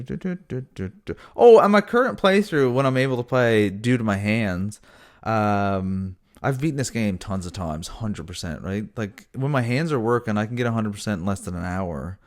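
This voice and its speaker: A man rambling casually about a video game, swearing freely and breaking off to scold his cats. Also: mid-range voice. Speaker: gaming vlogger. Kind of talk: casual rambling chat to camera.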